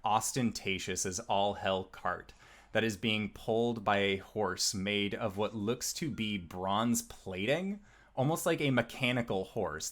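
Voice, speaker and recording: A man's voice: fairly low pitch, a bit bright. A man narrating as game master of a tabletop game, describing scenes with frequent "uh" fillers.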